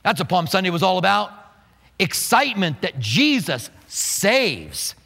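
High-voiced man preaching in an echoing hall. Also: unhurried, gravelly, husky. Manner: animated preaching with acted quotes and humor. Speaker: pastor. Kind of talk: sermon.

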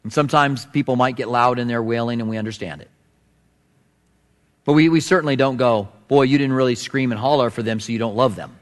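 A middle-aged man preaching a sermon, telling stories and acting out voices with big swings in pitch. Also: brisk. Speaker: pastor. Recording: long hall reverb.

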